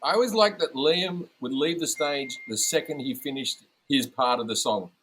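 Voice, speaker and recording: A man chatting as a comedian guest on a podcast, telling stories in a profane, animated way. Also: medium pitch, moderate pace, slight background noise, rough recording. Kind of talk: casual podcast chat.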